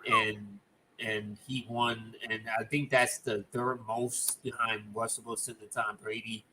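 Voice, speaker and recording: A young man co-hosting a casual sports talk livestream, halting and stammering with many restarts. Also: medium pitch, fairly even intonation, sharp tone, slight background noise, poor audio.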